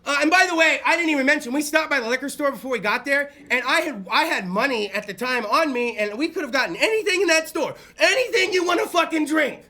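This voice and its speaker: High, bright-voiced crude man storyteller. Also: fast, few pauses. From Fresno area, California. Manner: loud, crude, excitable, often shouting and laughing. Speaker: comedian. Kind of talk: stand-up storytelling.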